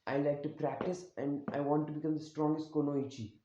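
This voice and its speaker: A man's voice: a little high, flat delivery, a little fast, dark tone, a little hiss or hum, close to an everyday voice. A man voicing an ambitious young female ninja in his own everyday voice. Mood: cheerful. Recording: roomy, dull lo-fi sound.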